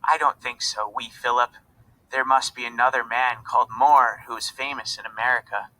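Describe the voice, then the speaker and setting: Guy reading as a nervous irish teen girl, brave for her little brothers, bright voice. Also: medium pitch, steady tone, moderate pace, rough recording. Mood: reassuring. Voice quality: earnest, protective.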